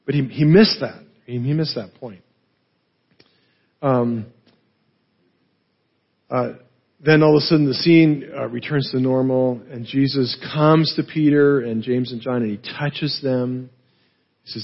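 A man's voice: mid-range voice, fairly even intonation, a little slow, long pauses, highs cut off. A man preaching a teaching sermon, explaining as he goes with frequent "right?" and filler words. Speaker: pastor.

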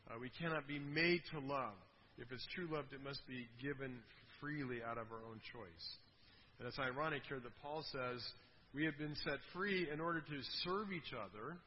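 A man's voice: medium pitch, dull audio, slight background noise. Man preaching in an echoey hall. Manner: conversational, asks the congregation rhetorical questions. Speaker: pastor. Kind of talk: sermon.

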